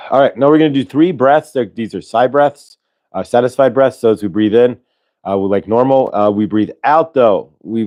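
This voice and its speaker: Low-voiced man guiding breathing, rambling. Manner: rambling, relaxed, with many fillers and restarts; sighs audibly between instructions. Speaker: host leading a breathing exercise. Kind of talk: casual spoken guidance.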